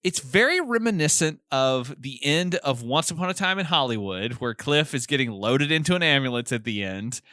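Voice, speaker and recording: Bright, lively man recapping a film. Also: medium pitch, moderate pace, few pauses, dry recording, studio quality. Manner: recounts plot with amused laughs. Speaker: podcast co-host. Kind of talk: casual film recap chat.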